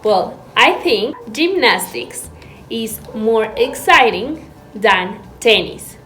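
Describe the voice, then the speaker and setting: A woman teaching an English lesson to learners, explaining slowly and clearly, breaking words into syllables. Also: a little high, lively intonation, a bit bright, faint music behind. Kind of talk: recorded online class. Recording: echoey room with faint background noise.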